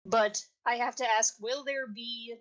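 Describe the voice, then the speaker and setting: A woman's voice: on the high side, steady tone, a little slow. A woman on a casual podcast, asking a question in a hesitant, rambling way. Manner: hesitant, rambling, starts over often.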